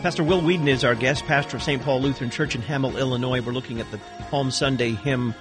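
A man hosting a radio talk show, reading announcements and introducing his guest in a smooth, practiced delivery. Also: mid-range voice, steady tone, fast, over music.

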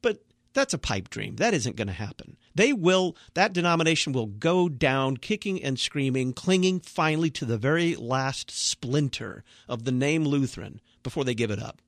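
A man's voice: mid-range voice, expressive, moderate pace, no room sound, studio quality. A man, a Lutheran pastor, speaking as a guest on a radio talk show, earnest and emphatic with a blunt manner.

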